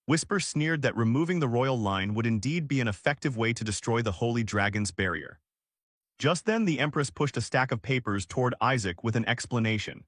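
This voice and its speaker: A man narrating a story recap in a steady, even scripted reading. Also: medium pitch, a little fast, dry recording, studio quality.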